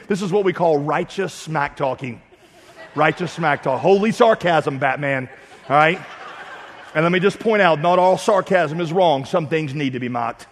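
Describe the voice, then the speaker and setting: A man preaching a sermon in a blunt, lively, joking way with touches of sarcasm. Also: a little high, moderate pace, in a large hall, slight background noise. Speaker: pastor.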